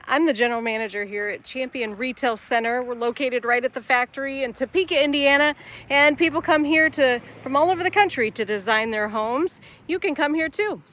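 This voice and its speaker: A woman's voice: high-pitched, fairly bright tone. A woman who manages a mobile home sales lot, chatting in an upbeat way while she walks viewers around a home, outside and then inside. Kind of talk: casual home walkthrough.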